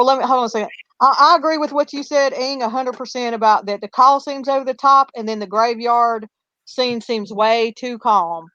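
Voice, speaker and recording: High-voiced woman arguing a case. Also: a bit bright, no room sound. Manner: opinionated, argues her point, restarts often. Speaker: podcast co-host. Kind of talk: casual true-crime discussion. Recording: dull, lo-fi sound.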